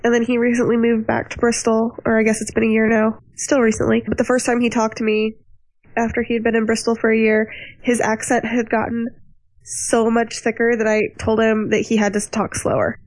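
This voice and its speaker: A woman hosting a casual discussion of a TV show, chatty and animated as she tells stories. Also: fairly high pitch, fairly quick, no room sound, poor audio. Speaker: podcast host.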